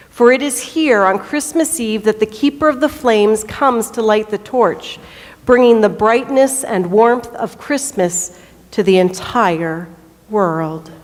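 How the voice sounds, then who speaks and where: Woman storyteller, fairly high voice, slow deliberate reading, echoey church hall. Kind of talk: reading a children's story aloud.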